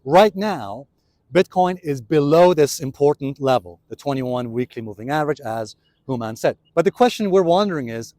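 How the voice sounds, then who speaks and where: A man's voice: on the high side, animated, moderate pace, a little mellow, no room sound. A man hosting a casual market commentary vlog, chatty and explaining step by step to viewers while walking city streets. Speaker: trading video host.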